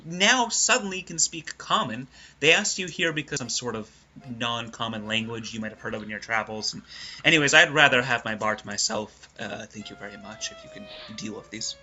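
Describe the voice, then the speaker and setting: A man's voice: mid-range voice, a little fast, sharp tone. A man voicing a portly, grumpy cat-person who runs a tavern, speaking in a fussy, put-upon way. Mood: irritated. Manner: fussy, put-upon, wants folks gone.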